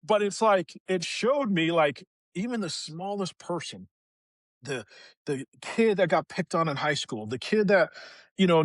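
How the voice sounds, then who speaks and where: Man, podcast guest, casual storytelling, slightly high voice, acts out quotes, dry close sound. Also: dry recording.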